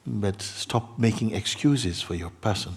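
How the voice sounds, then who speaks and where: Husky-voiced man giving an earnest spiritual talk. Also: lowish voice, a little slow. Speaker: spiritual teacher. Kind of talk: satsang talk to a seeker. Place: meeting hall.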